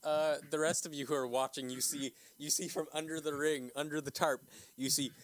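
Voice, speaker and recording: A man's voice: on the high side, level tone, fairly quick, no echo. A man narrating as game master of a tabletop game, loose and profane, laughing often and filling with "like" and "uh".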